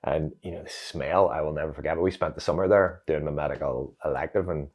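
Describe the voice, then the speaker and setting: A Northern Irish man, an interview guest, telling a personal story in a reflective, animated way with many fillers. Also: a bass voice, fast. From Northern Ireland.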